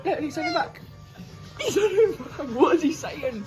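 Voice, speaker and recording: A woman's voice: sits high, animated, a little slow, music in the background, rough recording. A young woman teasing and laughing at talking birds in casual slang, urging her friend to film. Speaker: vlogger's companion. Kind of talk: casual chat.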